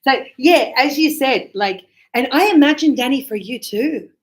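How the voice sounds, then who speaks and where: A woman's voice: high-pitched, moderate pace. A woman English teacher explaining casually to her class and acting out little quoted exchanges. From Australia. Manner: animated, acts out short quoted exchanges.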